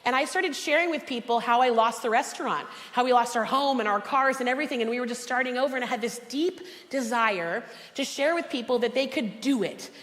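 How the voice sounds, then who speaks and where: A woman speaker and cookbook author telling personal stories to a conference audience, lively and acting out the voices of people she quotes. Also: fairly high pitch, fairly quick, hardly any pauses. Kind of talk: personal motivational talk to an audience. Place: large conference hall. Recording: long reverb of a large hall.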